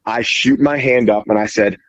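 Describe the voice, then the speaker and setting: A man guesting on a podcast, telling an animated story in casual speech full of "like" fillers and casual swearing. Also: lowish voice, moderate pace, no echo, lo-fi sound. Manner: animated, heavy "like" fillers, acts out quoted dialogue, swears casually. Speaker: podcast guest, jiu-jitsu referee.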